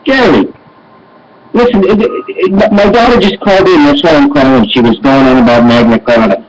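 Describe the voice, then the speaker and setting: A man calling in to a radio show, halting and stammering as he talks. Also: fairly high pitch, background noise. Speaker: caller. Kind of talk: phone call-in.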